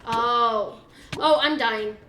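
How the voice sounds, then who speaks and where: A woman's voice: a little high, drawn-out words, reverberant, background noise. A woman chatting casually while playing a game, thinking aloud with lots of fillers. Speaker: game co-player. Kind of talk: casual gaming chat.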